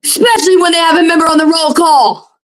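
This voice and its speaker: A woman's voice: extremely high pitch, steady tone, quick pace, low-quality recording. A woman tarot reader on a livestream, ranting in a heated, blunt and profane monologue.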